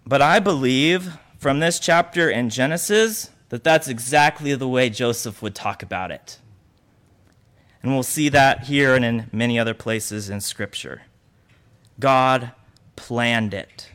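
A man preaching a sermon, lively and animated, acting out the voices of the people he quotes. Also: medium pitch, measured pace. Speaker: pastor.

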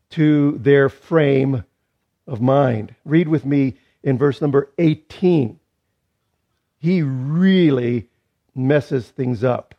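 A male pastor delivering a sermon in a casual, chatty way, often breaking off for a joke or restarting a phrase. His voice sits a bit high. The recording sounds muffled and lo-fi. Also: dark tone. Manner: conversational, with joking asides and restarts. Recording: dull lo-fi recording.

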